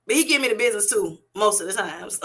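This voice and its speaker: Bright-voiced woman hosting a laughing live chat. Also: medium pitch, fast talker. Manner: animated, laughing often, reading chat comments aloud. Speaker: livestream host. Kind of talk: casual livestream chat. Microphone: webcam or streaming setup.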